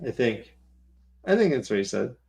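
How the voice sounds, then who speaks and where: A man hosts a casual book-club podcast, retelling the chapter in a rambling, jokey way full of fillers. His voice sits at a middling pitch. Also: very animated, normal speed, gravelly, darkish tone, faint music behind. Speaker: podcast host.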